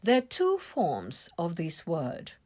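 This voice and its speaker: A woman giving an English vocabulary lesson, explaining words slowly and carefully and stressing syllables. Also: on the low side, wildly swooping pitch, a little mellow. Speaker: English teacher.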